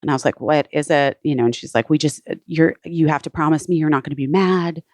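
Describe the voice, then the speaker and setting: Low-pitched woman, podcast guest, chatty storytelling full of "like", dry close sound. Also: fast, a little mellow, no echo. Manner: frequent "like" fillers, retells others' words. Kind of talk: casual personal storytelling.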